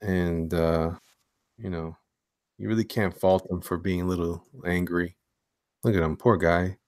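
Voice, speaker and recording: A man hosting a casual live stream from his home studio while drawing, talking in slang and swinging between hyped greetings and low mumbles. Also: a little slow, dry recording. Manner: animated, slangy, hyped one moment and mumbling low the next. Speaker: livestream host and comic illustrator.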